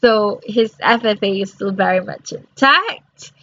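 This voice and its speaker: A woman's voice: medium pitch, measured pace, bright, forceful tone. Sleepy young woman rambling through study notes. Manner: rambling, with many fillers and restarts. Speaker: student reviewing course notes. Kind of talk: reading and explaining study notes aloud. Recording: slightly dull lo-fi audio.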